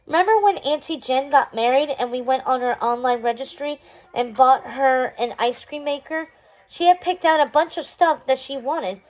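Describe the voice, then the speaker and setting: A woman voicing a bossy, lively young girl heroine in a storybook read-aloud. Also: sits high, moderate pace, close to an everyday voice, poor audio.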